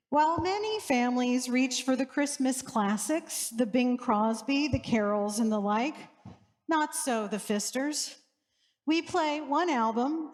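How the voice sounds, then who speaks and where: Middle-aged woman priest, wry storyteller, slow pace, long sanctuary reverb. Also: on the high side. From New Orleans, USA. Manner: warm, wry humor. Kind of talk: storytelling sermon. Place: church sanctuary.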